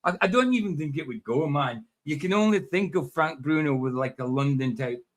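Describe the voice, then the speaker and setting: A man's voice: on the high side, expressive, a little fast. Chatty male livestream host. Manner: chatty, rambling, laughs often. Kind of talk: casual chat while reacting to a video.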